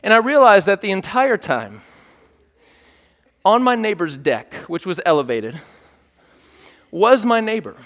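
A pastor with a high voice preaches unhurriedly, leaving long pauses that a long reverb tail fills. He tells a story in an animated, playful way, joking with the congregation and checking in with them.

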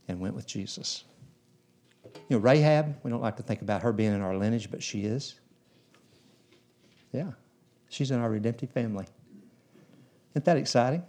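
A man's voice: on the low side, normal speed, pauses often, darkish tone. A man preaching a sermon in a church, telling Bible stories in a folksy way and acting out the characters. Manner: folksy storytelling, acts out biblical characters.

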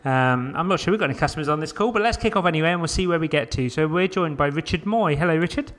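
A man hosting a casual roundtable podcast, brisk and upbeat, who also reads the sponsor spots. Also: on the high side, a bit bright. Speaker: podcast host.

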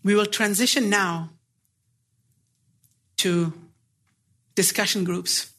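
Slow, deliberate male preacher. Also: high voice, fairly even intonation, pushed and bright. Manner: earnest, deliberate, pleading rhetorical questions. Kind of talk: sermon.

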